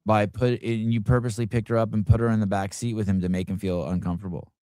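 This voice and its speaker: A man's voice: on the low side, level tone, fast talker, warm tone, clean tone, no echo, studio quality. A man hosting a podcast in casual chat, speaking offhand and muttering to himself as he reads comments. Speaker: podcast host.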